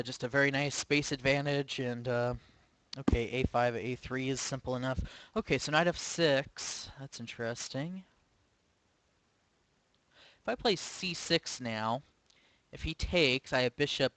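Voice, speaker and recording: A man's voice: mid-range voice, a little slow, a bit bright, no echo, rough recording. A man commentating his own online chess game live, thinking aloud with hesitant, self-questioning remarks. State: sleepy, yawning. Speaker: chess streamer.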